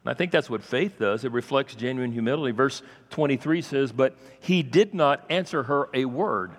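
A man's voice: medium pitch, moderate pace. Man preaching in a reverberant hall. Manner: preaching with sudden loud raised passages and quiet asides. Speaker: pastor. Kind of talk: sermon.

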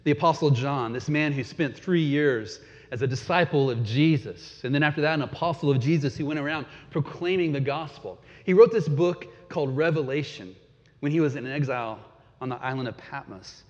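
A man's voice: on the high side, fairly quick. Man preaching in a reverberant hall. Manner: dramatic, swings from loud emphasis to hushed. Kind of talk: sermon. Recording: dull, long hall reverb.

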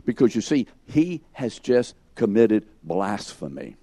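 Male Bible teacher, slow and mellow, emphatic, quizzes the class, dry close sound. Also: fairly low pitch, very animated, no echo. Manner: questions the class and calls on students by name; emphatic, acts out scenes in second person.

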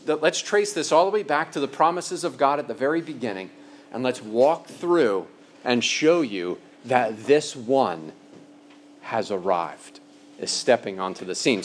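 A man teaching a sermon in a conversational way, slowing down on key phrases for emphasis. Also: mid-range voice, a bit bright, slight background noise. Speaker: pastor.

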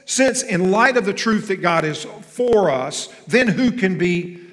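A pastor delivers an emphatic sermon with a fairly high-pitched male voice. He swings between near-shouting and quiet, hushed lines and draws the congregation in with questions. A long reverb from the sanctuary trails behind him. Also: lively intonation, unhurried. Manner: asks the congregation questions and has them repeat phrases. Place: church sanctuary.

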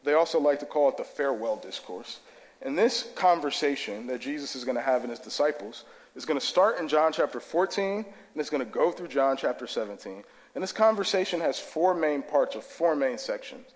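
A man's voice: mid-range voice, lively intonation, brisk. A man preaching a sermon in a church, casual, conversational and enthusiastic. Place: church sanctuary. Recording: long hall reverb.

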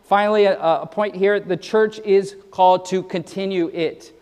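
Emphatic high-voiced preacher in a reverberant hall. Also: male voice, fairly even intonation, a little mellow, clear, resonant tone. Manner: earnest, emphatic preaching with quick verse citations; repeats words when starting sentences. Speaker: pastor. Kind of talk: sermon.

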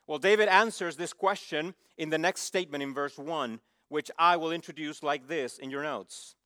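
A man's voice: on the high side, normal speed, bright, forceful tone, no room sound, clean studio sound. A man preaching a sermon with emphasis, posing questions for the listeners to answer. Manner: emphatic, asks the congregation to fill in words. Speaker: pastor.

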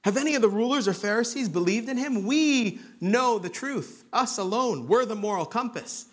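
A man's voice: sits high, lively intonation, normal speed, fairly bright tone, voice pushed up. A man mimicking scornful proud religious leaders. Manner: mocking, incredulous.

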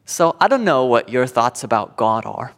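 A man preaching a sermon as pastor, swinging between loud emphatic declarations and quiet hushed passages. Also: mid-range voice, very animated, moderate pace. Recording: long hall reverb.

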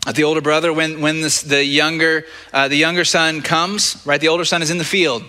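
A man's voice: a little high, little pitch movement, brisk, bright, forceful tone. A male pastor preaching a sermon in a conversational way, often stumbling and repeating words. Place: church sanctuary. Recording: long reverb of a church hall.

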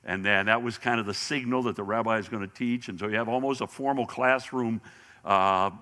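A man teaching a Bible lesson in sermon style, animated and often restarting his words, speaking to an audience in a large hall. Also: fairly low pitch, a little fast. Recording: long hall reverb.

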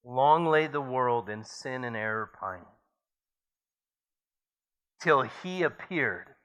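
A man's voice: medium pitch, animated, slow pace, a bit bright. A man preaching a sermon as pastor, reading scripture aloud and building to emphatic points.

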